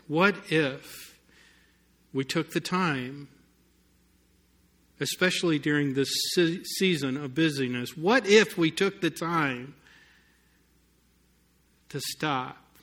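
Male preacher, slow and deliberate, slightly high and bright voice, storytelling sermon with emphatic peaks. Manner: storytelling, rising to emphatic peaks, some sarcasm. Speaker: pastor.

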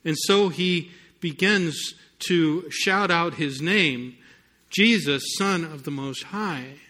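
Male preacher, slow and deliberate, slightly high and bright voice, storytelling sermon with emphatic peaks. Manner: storytelling, rising to emphatic peaks, some sarcasm. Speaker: pastor.

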